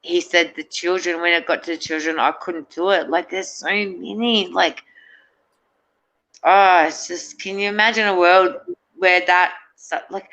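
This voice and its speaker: Rambling woman, bright lo-fi voice. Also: fairly low pitch, fairly even intonation, measured pace. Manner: rambling, hesitant, many fillers and restarts. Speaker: guest. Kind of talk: casual chat.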